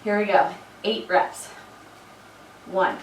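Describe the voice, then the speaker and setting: A woman's voice: mid-range voice, takes it slowly, noisy background. A woman fitness instructor leading a workout, counting reps and chatting between sets, with a slight frog in her throat. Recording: echoey room, mic far off.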